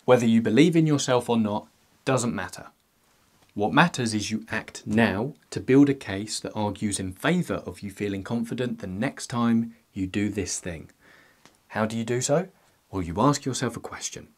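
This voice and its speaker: A man's voice: lowish voice, normal speed. A young man talking to his own channel's viewers in a scripted self-help monologue, joking as he goes. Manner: playful, jokey asides.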